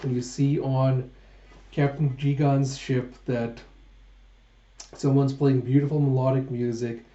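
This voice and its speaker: A man reading a manga aloud in a casual way, often stopping to correct names. His voice is mellow and mid-pitched. The echoey room makes the sound a little dull. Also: little pitch movement, measured pace, pauses often. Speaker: manga reviewer.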